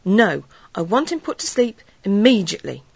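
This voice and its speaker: A woman's voice: medium pitch, big pitch swings, moderate pace, vocal fry, breathy edge, no echo, muffled recording, heavily acted. Woman putting on a curt, cold dog owner. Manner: curt, snappish, impatient.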